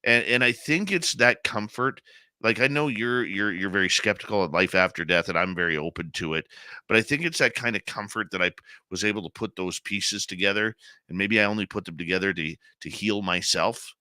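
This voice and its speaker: A man with a very low yet strikingly bright, forceful voice hosts a radio show. He tells a personal story in an emotional, heartfelt way. The recording is dry and close. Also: a little fast, no room sound. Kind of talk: conversational interview.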